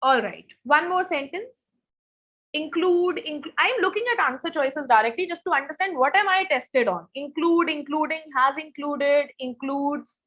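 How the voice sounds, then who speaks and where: Brief: high-pitched young woman, online SAT grammar teacher who quizzes her class. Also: normal speed, fairly bright tone. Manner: asks students questions, reads answers from chat. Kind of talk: live online grammar lesson.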